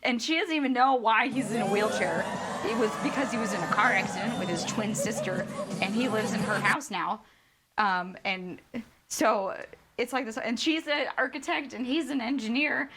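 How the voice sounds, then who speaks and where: A woman's voice: fairly high pitch, normal speed, a bit bright, slight background noise. A woman streamer ranting a profane, sarcastic book review.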